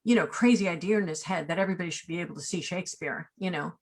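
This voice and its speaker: Rambling, lower-voiced woman in her sixties. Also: rapid-fire. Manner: animated, rambling, many asides and tag questions. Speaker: casting director, guest. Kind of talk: remote interview, personal storytelling.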